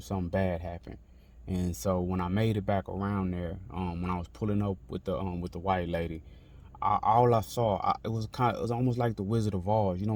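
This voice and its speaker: A man's voice: deep voice, warm tone. A man, telling a personal story in casual street talk, repeating himself with many fillers and restarts. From Texas. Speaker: author telling his life story.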